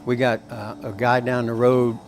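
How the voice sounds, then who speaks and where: A man with a Tennessee drawl tells rambling, folksy stories about his country store in an easygoing way, pausing on fillers as he goes. His voice sits at an ordinary middle pitch, and soft music plays quietly behind him. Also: little pitch movement. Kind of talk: casual storytelling.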